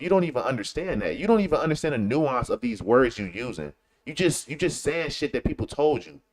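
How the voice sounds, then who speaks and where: A man from Chicago talking in a casual, slangy commentary style, repeating points for emphasis. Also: medium pitch. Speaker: commentary show host. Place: lives in Texas.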